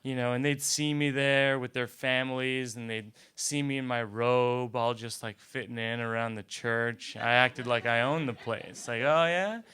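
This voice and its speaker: A man's voice: medium pitch, flat delivery, measured pace, hardly any pauses, sharp tone, smooth. A young man telling a comic personal story in a conversational, self-deprecating way, often stumbling over repeated words. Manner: conversational, self-deprecating, frequent stammered restarts. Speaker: comedian.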